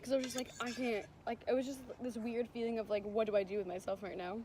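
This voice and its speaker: Brief: young woman, fairly high voice, vlog chat, animated retelling, noisy background. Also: fast. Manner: animated storytelling, acting out quotes. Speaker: vlogger. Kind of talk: casual chat. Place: vacation house near a beach.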